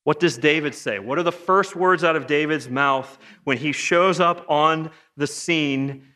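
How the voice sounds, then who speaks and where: A man preaching a sermon in a lively, joking way, firing off rhetorical questions. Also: a little high, unhurried. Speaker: pastor. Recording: long hall reverb.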